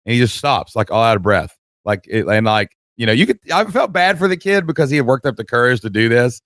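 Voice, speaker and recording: Male podcast co-host, animated storyteller, mid-pitched, dry close sound. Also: quick pace, dry recording. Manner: animated, acts out voices, laughs mid-story. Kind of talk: casual storytelling chat.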